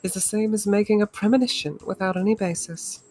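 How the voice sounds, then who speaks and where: A woman's voice: medium pitch, fairly even intonation, a little fast, warm tone, close to an everyday voice. A woman putting on a pompous rich noblewoman. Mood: haughty. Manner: haughty, formal and overly polite. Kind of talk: reading a visual novel aloud.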